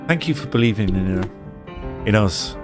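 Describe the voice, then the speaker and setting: A man voicing an anxious middle-aged mother, raising his pitch and sounding fretful. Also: animated, a little slow, music in the background.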